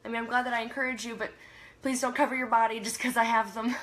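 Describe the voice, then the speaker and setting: A woman's voice: on the high side, little pitch movement, fast, a bit bright. A young woman from Canada hosting a casual livestream, reading viewer comments aloud, laughing often and trailing off mid-sentence. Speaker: livestream host.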